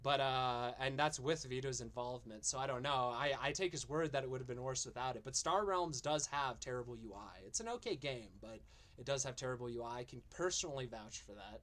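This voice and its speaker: A man's voice: medium pitch, fairly quick, fairly bright tone. Profane ranting male streamer. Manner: profane, mocking, exasperated. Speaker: streamer and show host.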